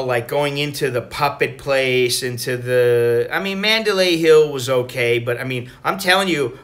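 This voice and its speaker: A middle-aged American man talking casually in a travel vlog, rambling and profane as he tells stories. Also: mid-range voice. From United States. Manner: rambling, profane, animated storytelling. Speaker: travel vlogger.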